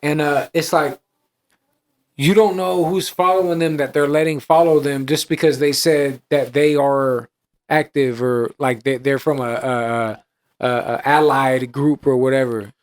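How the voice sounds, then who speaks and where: A man's voice: mid-range voice, fairly even intonation, unhurried. A man co-hosting a podcast, telling street stories in a casual, slangy way, acting out dialogue and swearing often. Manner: streetwise storytelling, acts out dialogue, frequent restarts and swearing. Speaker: podcast co-host. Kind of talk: casual chat.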